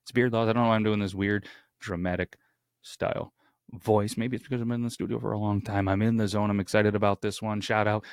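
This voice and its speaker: A man hosting a podcast, talking in an excitable, rambling and self-aware way. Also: fairly low pitch, fast talker, dry recording, studio quality. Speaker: podcast host. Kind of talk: casual podcast chat.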